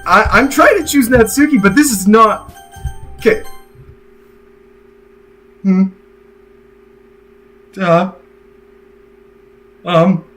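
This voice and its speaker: A high-voiced young man commentates a scary game live, jumpy and quick to laugh in mock panic. Faint game music runs behind him. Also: lively intonation, sharp tone. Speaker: gaming streamer. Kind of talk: live let's-play commentary.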